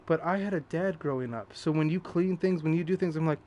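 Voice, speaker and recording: A man's voice: fairly high pitch, fairly quick. Profane rambling young male streamer. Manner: rambling, profane, candid storytelling. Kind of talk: live gameplay commentary. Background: loud game music.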